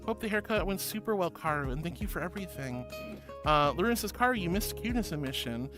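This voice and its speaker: A woman streamer chatting casually and reading out viewer messages, sweet and affectionate, her voice jumping up high when she greets people. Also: lively intonation, quick pace, over music.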